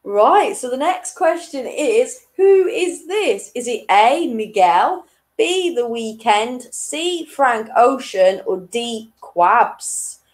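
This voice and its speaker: A woman's voice: a little high, lively intonation, very slow, rough recording. A woman in her late twenties hosting an online quiz, chatty and self-deprecating, often breaking into giggles. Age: 20s. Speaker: quiz host.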